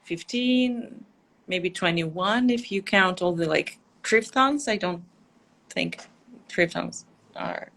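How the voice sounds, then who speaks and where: Speaking slowly in a fairly low, creaky voice, this woman sounds animated and fairly bright. She grew up in Russia with Russian as her native language, yet her English accent is close to American. She's chatting as a guest on a relaxed livestream interview and illustrates her points with examples.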